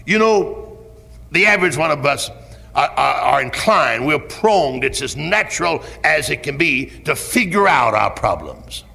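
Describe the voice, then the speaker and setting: A pastor preaching a sermon, dropping to hushed tones and rising to shouted peaks, in a 1970s church recording. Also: male voice, fairly high pitch, animated, unhurried, vocal fry, big-room sound. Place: church sanctuary.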